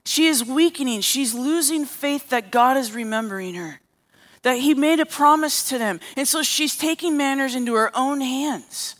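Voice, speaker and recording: A woman's voice: high-pitched, normal speed. A woman preaching a sermon as a therapist, telling a story and acting out the characters' lines.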